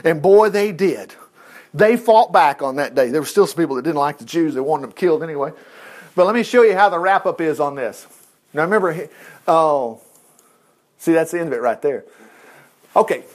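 Brief: animated Bible teacher, high-pitched man with a lively, swooping voice. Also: fairly quick, pauses often. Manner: animated, chuckling, chatty asides.

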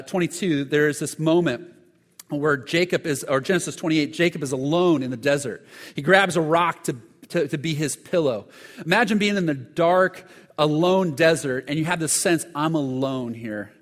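A man's voice: a little high, moderate pace, in a large hall. A man preaching a sermon, telling stories earnestly with frequent restarts and repeated words. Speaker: pastor.

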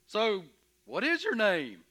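A man playing Moses in a dramatic first-person sermon, telling his story with emphatic, expressive energy and stammering when anxious. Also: high-pitched, takes it slowly, exaggerated voice. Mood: flustered. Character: Moses, earnest, stubborn, curious shepherd. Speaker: preacher in character.

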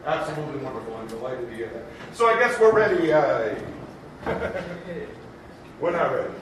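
A man's voice: medium pitch, lively intonation, moderate pace, natural voice. A man playing an aging, showy, forgetful Broadway producer who emcees a live improvised stage comedy with grandiose showman patter. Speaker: show's emcee character. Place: theater stage. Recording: echoey theater recorded from far off, noisy.

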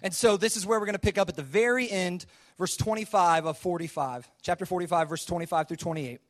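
Male preacher with a high voice, casual storyteller who acts out the quoted lines. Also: quick pace. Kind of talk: sermon retelling a scripture story.

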